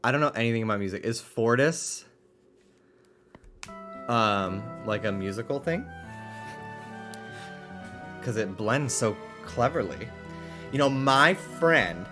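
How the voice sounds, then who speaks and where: A man streaming a video game who chats casually and coos baby talk at his dogs. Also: medium pitch. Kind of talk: casual live-stream chat while gaming.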